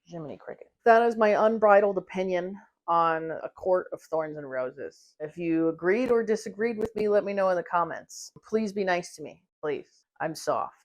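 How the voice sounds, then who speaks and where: A woman's voice: lowish voice, moderate pace, few pauses. A young woman giving a casual, opinionated book review to camera, sarcastic and swearing freely, often mocking characters in exaggerated voices. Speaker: book vlogger.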